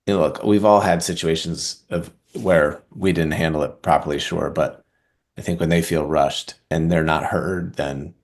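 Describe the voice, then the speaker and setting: A male oral surgeon guest on a podcast, speaking in a relaxed, reflective way with frequent fillers. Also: extremely low pitch, moderate pace. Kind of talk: conversational podcast interview.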